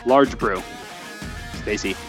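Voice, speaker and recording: A man hosting a casual podcast who briskly moves the segments along. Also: fairly low pitch, over music. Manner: upbeat, steers segments. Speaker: host.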